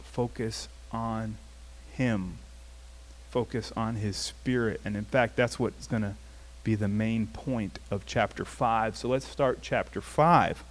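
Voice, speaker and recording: An adult man, past his teens, preaches as a pastor with a fairly low, slow voice. He keeps it conversational, telling a personal story with animated flair and acting out the quotes.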